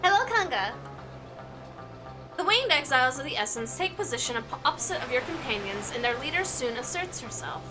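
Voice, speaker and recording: A woman streamer with a fairly high voice, reading a game's story aloud in a lively way and tossing in joking comments. Game music runs steadily underneath her. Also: quick pace, few pauses. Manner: animated, joking asides between read-aloud story text.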